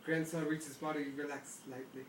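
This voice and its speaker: A fairly high-pitched man reads aloud from a novel a little fast, his pitch barely moving, while heavy background noise fills the recording. Amused, he keeps breaking into laughs for his friends inside a lakeside cabin, captured by a distant mic in an echoey room.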